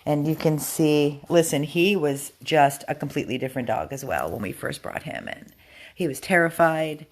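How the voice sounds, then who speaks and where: A woman at a dog rescue talking casually to the camera about a rescued dog, switching into high baby-talk when she speaks to him. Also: moderate pace. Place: indoor rescue room.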